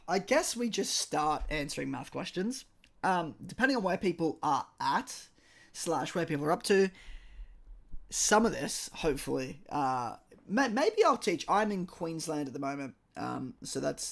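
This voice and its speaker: A man with a hoarse, croaky voice, a maths teacher live-streaming exam tutoring from home and chatting with viewers. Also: fairly high pitch, a bit bright. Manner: chatty, apologetic, reads viewer chat aloud. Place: at home, indoors. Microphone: streaming microphone.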